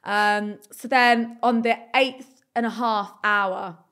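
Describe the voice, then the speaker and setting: A young woman telling a story in casual podcast chat, animated and swearing, acting out the people in it. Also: mid-range voice, slow pace. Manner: animated, swearing, acts out voices in her story. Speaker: podcast co-host.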